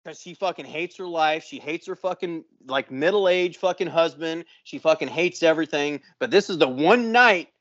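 A man in his forties, a podcast co-host, telling a profane story with lots of swearing and loud sound effects. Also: fairly high pitch, moderate pace, few pauses, dry recording, dull audio. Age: 40s.

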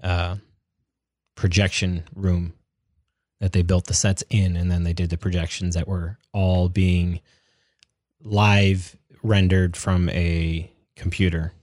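A young man co-hosting a podcast chats casually in a low-pitched, flat, slightly mellow voice, taking his time. He rambles with lots of fillers and restarts, and the clean studio sound has no echo.

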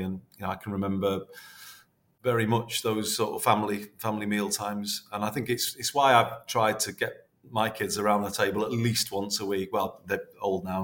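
A man, chatting warmly and rambling as a podcast guest, full of restarts. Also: fairly low pitch. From North West England. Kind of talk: casual interview reminiscing.

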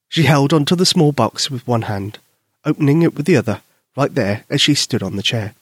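A man gently and expressively reading a children's bedtime story aloud. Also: medium pitch, animated, a little fast, husky, no room sound, studio quality. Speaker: narrator.

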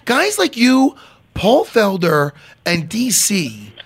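A man with a husky, slightly raised voice hosts a podcast in loose, rambling fashion. His pitch swings widely as he jokes about himself and swears freely. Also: huge pitch swings, slow pace, a bit bright. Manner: rambling, self-deprecating, swearing. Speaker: podcast host. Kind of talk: casual interview chat.

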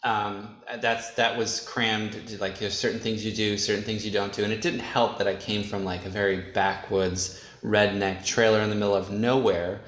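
A man's voice: lowish voice, flat delivery, normal speed, hardly any pauses, fairly bright tone, echoey room. A man from upstate New York, a guest speaking frankly and easily in a casual chat.

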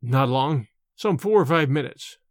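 A man's voice: mid-range voice, lively intonation, unhurried, no room sound, clean studio sound, pitched below the performer's own voice, lightly acted. A man reading an audiobook and voicing a level-headed young male medical student who talks in a firm, blunt way. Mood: curt. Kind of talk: audiobook character voice.

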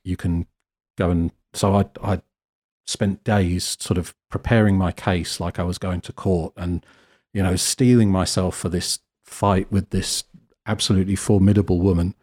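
British man, low mellow voice, husky, animated anecdotes, interview guest. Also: moderate pace. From Britain. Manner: animated, self-deprecating, acts out quotes. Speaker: guest photographer. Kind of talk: casual anecdotal storytelling.

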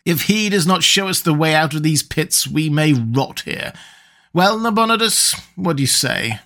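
A quick-tongued, scheming nobleman, as a male reader puts him on. He hurls his accusations in a raised, lifted pitch that sits well above the narrator's own voice. It is a plain storybook rendering of a character. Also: animated, fairly bright tone. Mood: urgent. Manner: heated, accusing, higher than the narration. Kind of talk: audiobook character reading.

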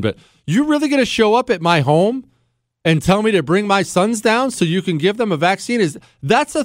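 A middle-aged man holds forth in an indignant political monologue, pitching his questions high and letting his voice leap around. The sound is dry and close, with no room around him. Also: no echo. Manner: heated, indignant, rhetorical questions. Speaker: podcast host.

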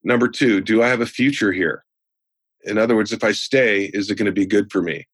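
Older guy with a low husky voice, animated storyteller, dry close sound, sales trainer on a podcast. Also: fairly quick, no room sound. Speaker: guest, sales trainer and speaker.

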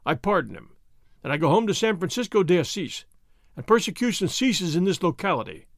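A man voicing a weary, pompous colonial governor who gives in grudgingly, in a slow, lower voice. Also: big pitch swings, dry recording, clean studio sound. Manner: exasperated, weak and grudging.

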